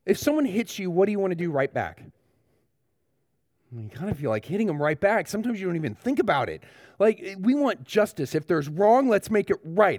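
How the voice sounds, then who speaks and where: A pastor giving a children's sermon, speaking straight to the young ones and asking them questions. His voice sits a little high for a man. It sounds dry and close, with no room echo. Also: big pitch swings, brisk, darkish tone. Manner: talks directly to kids, asks them questions.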